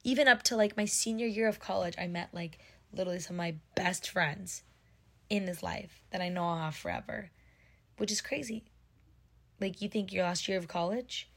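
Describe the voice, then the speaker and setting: A woman's voice: mid-range voice, creaky, a bit bright. A woman in her twenties hosting her own podcast, talking casually and emotionally, with lots of fillers. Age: 20s. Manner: heartfelt and emotional, filler-heavy. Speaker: podcast host. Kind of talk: casual personal monologue.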